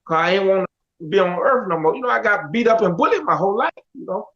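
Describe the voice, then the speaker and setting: High-voiced man telling his story. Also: quick pace. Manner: animated, quotes others in dialogue. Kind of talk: casual storytelling. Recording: dull lo-fi audio.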